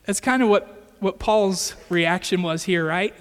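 A man's voice: high-pitched, unhurried, clean tone, in a large hall. A man preaching a sermon in an earnest, conversational way, often checking in with his listeners. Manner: earnest, conversational with rhetorical "right?".

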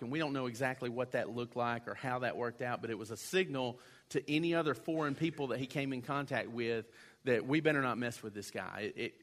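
A man's voice: medium pitch, a bit bright. A man preaching a sermon in a conversational way, acting out quoted voices now and then. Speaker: pastor.

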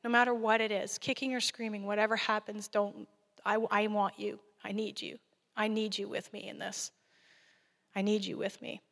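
A woman delivers a sermon in a plain, conversational way, earnest and direct. Her voice sits at an ordinary middle pitch. It rings out with the long reverb of a church hall. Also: flat delivery, normal speed, gravelly, fairly bright tone. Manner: earnest, conversational, laughing at times. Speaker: guest preacher.

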